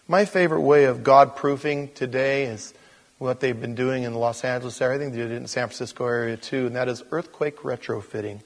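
A man preaching a sermon as pastor, talking conversationally and building up to loud, animated storytelling. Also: mid-range voice, brisk, in a large hall.

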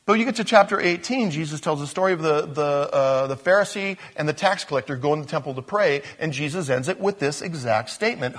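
A man preaching a sermon, animated, moving between loud emphatic lines and low, slow ones.

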